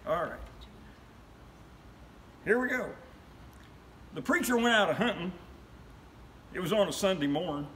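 A high-pitched man recites a comic story poem in a steady, rhythmic cadence. He builds to loud cries at the high points, with a faint hiss behind him. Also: brisk, pauses often, poor audio. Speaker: guest.

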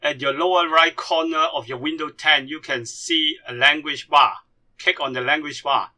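A man walks through a computer screen tutorial with halting, English. His voice is very bright and sits fairly high. He speaks as a patient language teacher. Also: fairly even intonation. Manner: halting, non-native grammar.

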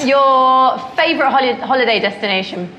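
A British woman co-hosting a talk show, firing quick questions at guests with a bubbly, laughing manner. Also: sits high, dull audio, slight background noise. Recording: roomy studio with long reverb.

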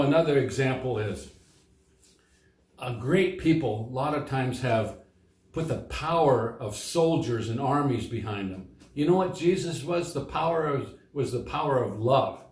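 A man's voice: mid-range voice, lively intonation, a little slow, a little mellow. Guy doing a sunday school lesson for little kids, plain simple talk, bit of room echo. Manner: simple, plain explanations for kids, reads quoted lines with lifted voice. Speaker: children's Sunday school teacher. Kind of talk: children's Bible lesson, reading scripture aloud. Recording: echoey room.

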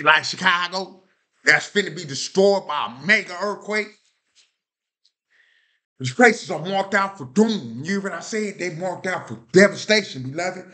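A man preaches a sermon in an informal, vernacular style, often asking "You hear what I said?" to check that his listeners heard him. His voice sits high and has a sharp tone.

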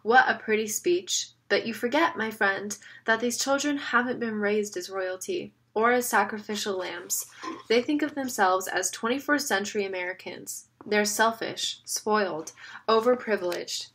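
A woman reading aloud as a sarcastic, smooth-talking villain, a middle-aged man with a mocking, wheedling manner. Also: medium pitch, moderate pace, a bit bright, lightly acted. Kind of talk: audiobook reading.

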